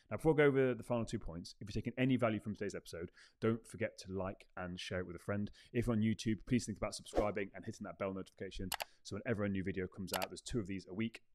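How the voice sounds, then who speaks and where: A man's voice: on the low side, a little mellow. A man hosting a self-help podcast, speaking emphatically and repeating his key phrases for effect. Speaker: podcast host. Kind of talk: motivational self-help talk.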